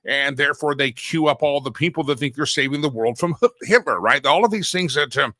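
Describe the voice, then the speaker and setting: A man's voice: a little high, brisk, pushed and bright, no echo. A middle-aged man from Texas, hosting a talk show and ranting through a sarcastic, opinionated monologue. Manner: sarcastic, ranting, laughs at his own jokes. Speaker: radio talk show host.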